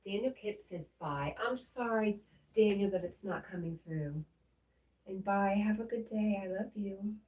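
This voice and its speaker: A woman hosting a livestream, reading viewers' messages aloud and answering them in a gentle, comforting way. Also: mid-range voice, measured pace. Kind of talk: casual livestream chat. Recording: roomy echo, mic at a distance.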